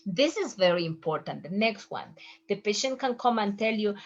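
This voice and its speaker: A woman's voice: mid-range voice, animated, dull audio. A woman whose first language is Spanish, teaching a medical Spanish lesson and repeating each term patiently. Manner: slow, patient, repeats terms for pronunciation.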